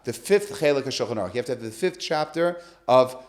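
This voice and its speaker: A man's voice: medium pitch, animated, fast. A man on a podcast, telling a story with animation and acting out the quoted dialogue. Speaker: guest speaker.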